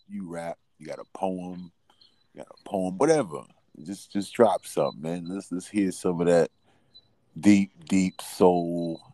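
A man's voice: deep voice, warm tone, no echo. A man hosting a casual live stream, loose and laughing as he coaxes callers to perform.

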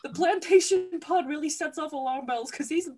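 A woman's voice: sits high, moderate pace, darkish tone. A woman host retelling a movie plot for laughs, chatty, laughing often and swearing casually. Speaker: podcast host. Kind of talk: comedic movie recap.

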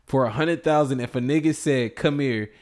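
رجل يمزح بلهجة عامية ويضحك كثيراً. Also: male voice, medium pitch, moderate pace, darkish tone. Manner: joking, laughing often, slangy. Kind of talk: casual banter.

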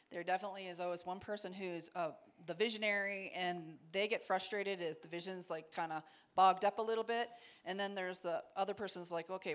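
A woman telling a mission story with her husband, in a steady, matter-of-fact manner. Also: lowish voice. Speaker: missionary co-host. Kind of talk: casual testimony talk.

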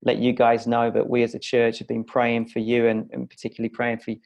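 A man's voice: mid-range voice, monotone, a little fast, gravelly, a little mellow, muffled recording. A man from a church's parenting ministry, speaking as an earnest, encouraging interview guest.

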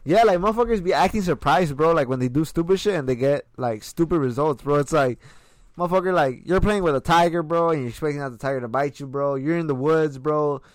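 Young guy ranting slangy n cussy, kinda high voice, dead dry room. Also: quick pace, dry recording. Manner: slangy, profane, peppers speech with "bro". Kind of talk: casual chat.

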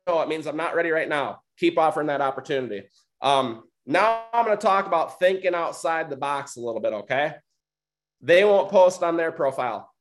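A man from Michigan who coaches other coaches, giving a motivational talk. He talks emphatically, repeats his points and keeps checking in with "right?" and "okay?". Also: on the high side.

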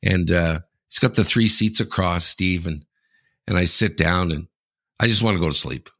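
Casting: Canadian man, podcast co-host, gravelly and bright, lively storyteller. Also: moderate pace. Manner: animated storyteller, keeps saying the host's name, mimics others in a high voice. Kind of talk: casual sports podcast chat.

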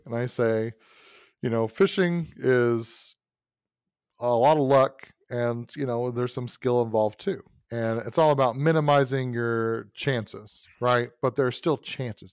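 Brief: male podcast host, mid-pitched, dry close sound, loose rambling storytelling. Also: no echo. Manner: rambling, self-correcting anecdote with frequent asides. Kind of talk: casual storytelling.

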